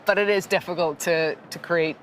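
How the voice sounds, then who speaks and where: Lady presenter, pretty flat voice, rambles and restarts a lot. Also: lowish voice, normal speed, slight background noise. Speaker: studio presenter.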